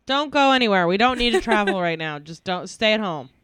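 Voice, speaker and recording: A woman co-hosting a casual podcast, reacting quickly and laughing often. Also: medium pitch, animated, fairly bright tone, clean tone, no echo, clean studio sound. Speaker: podcast co-host. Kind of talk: casual chat.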